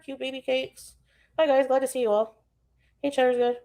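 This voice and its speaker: A woman's voice: high-pitched, fairly even intonation, moderate pace, dark tone. A woman on a live stream, chatting loosely and greeting viewers as she rambles between topics. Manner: rambling, greets chat often. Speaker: livestreamer. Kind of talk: casual live stream chat.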